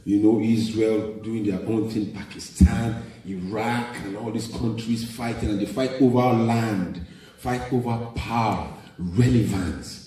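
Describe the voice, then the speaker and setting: A man from Nigeria with a Nigerian accent, performing a stand-up comedy set and mimicking parents and children in squeaky voices. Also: fairly even intonation, measured pace, a little hiss or hum. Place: large theater stage. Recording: echoey live hall from a distance, loud crowd laughter.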